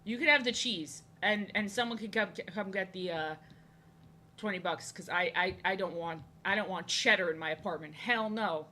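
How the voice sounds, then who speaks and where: Bright-voiced woman chatting while drawing. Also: medium pitch, normal speed, a little hiss or hum. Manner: rambling and playful, greets chat viewers; frequent stammered restarts. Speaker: art streamer. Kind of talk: casual live-stream chat while drawing.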